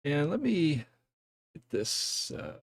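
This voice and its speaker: A man's voice: a little high, wildly swooping pitch, slow. A man hosting a casual technical live stream from home, talking hesitantly with many fillers and self-deprecating asides. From US East Coast.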